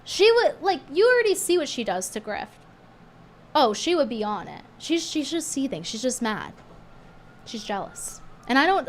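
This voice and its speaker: A female streamer gives casual commentary with sarcasm and animation, getting indignant enough that her voice goes a little hoarse. She speaks on the high side, and the recording has a little hiss or hum.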